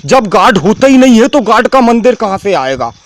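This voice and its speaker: A man, talking to camera in a halting, repetitive way that keeps restarting phrases. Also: high voice, big pitch swings. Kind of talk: rambling talk to camera.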